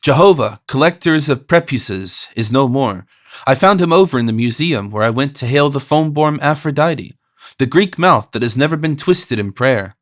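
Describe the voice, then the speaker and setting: A man's voice: mid-range voice, animated, moderate pace, no room sound, clean studio sound, close to an everyday voice. Man putting on a mocking young jester, theatrical, boisterous, audiobook figure. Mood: gleeful mockery.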